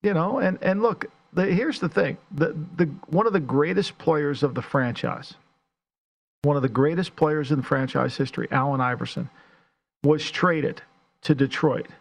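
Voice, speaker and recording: A man co-hosting a sports radio show, talking casually and launching into animated rants. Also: normal speed, gravelly. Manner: animated, ranting, rising in pitch when worked up.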